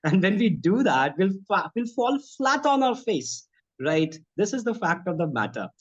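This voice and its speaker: A Bhojpuri-speaking man who works as a spoken English and accent trainer gives conversational interview answers at a moderate pace in a high, sing-song voice. He comes across as earnest and advisory, repeatedly calling her "ma'am." The lo-fi recording sounds slightly dull.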